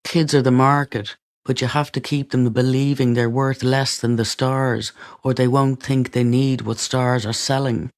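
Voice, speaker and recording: A man reading a first-person memoir aloud in a steady way, with dry, wry asides. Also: mid-range voice, a little slow. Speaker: audiobook reader.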